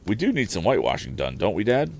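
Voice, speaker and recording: A man voicing an eager teenage boy inventor in a storybook, talking in an excited way. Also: lowish voice, fast, slight background noise, pitched above the performer's own voice. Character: eager young male inventor, a teenage son.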